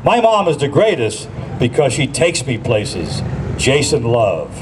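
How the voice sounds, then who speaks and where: Lively man emceeing a school program. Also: mid-range voice, noisy background. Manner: reads out entries and names in a brisk public-address way.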